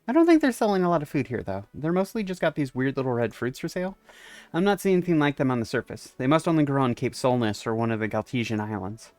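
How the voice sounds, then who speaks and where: A man's voice: mid-range voice, sing-song, fast, no echo. A man who streams games, giving casual let's-play commentary and reading the dialogue aloud with wry asides. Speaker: game streamer.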